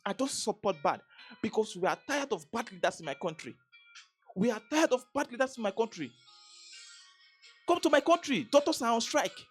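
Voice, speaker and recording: Impassioned Nigerian woman with a husky voice. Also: on the high side, lively intonation, moderate pace, pauses often, soft background music. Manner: emphatic, repetitive, stammering restarts. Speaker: vlogger. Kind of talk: impassioned political commentary.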